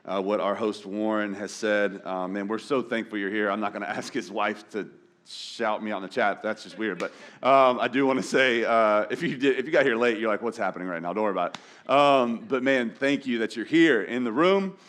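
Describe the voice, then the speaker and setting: A man's voice: on the low side, normal speed, fairly bright tone. A man preaching a sermon in a conversational, self-deprecating way, often restarting his sentences. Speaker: pastor. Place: church auditorium.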